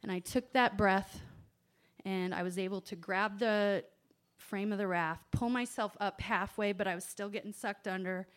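A woman telling a personal story to an audience, animated, swinging from hushed asides to loud exclamations. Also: mid-range voice, normal speed. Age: adult parent.

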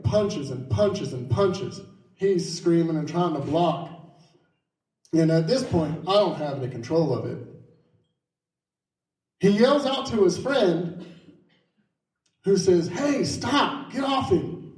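A man with a high voice tells a vivid first-person story, quick in some stretches and slow in others. He sounds set back from the mic, and the room around him is echoey. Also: a little mellow, recorded from a distance.

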